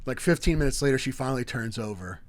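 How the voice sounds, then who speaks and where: A man's voice: medium pitch, fast talker. A man in his thirties, co-hosting a podcast, telling stories animatedly and laughing often as he talks. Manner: animated storyteller, laughs often mid-sentence. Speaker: podcast co-host. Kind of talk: casual podcast chat.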